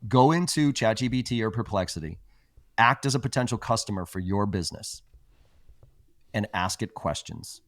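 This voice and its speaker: A man's voice: lowish voice, lively intonation, normal speed, dry recording, studio quality. A man who is a guest on a podcast about sales, telling stories in a blunt, emphatic and often profane way. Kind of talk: casual interview chat.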